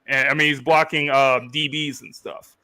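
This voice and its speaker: A man's voice: medium pitch, level tone, normal speed, bright, forceful tone, no echo. A man hosting a casual sports podcast, blunt and joking, and talking to viewers in the chat. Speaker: podcast host.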